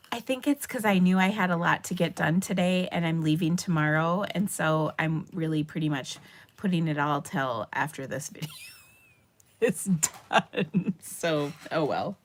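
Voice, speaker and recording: A middle-aged woman from Minnesota hosts a papercraft livestream in a chatty, rambling way. Her Minnesotan accent and a slightly low voice carry an easy, talkative style, with fillers and laughs along the way. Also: slight background noise. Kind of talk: casual livestream chat.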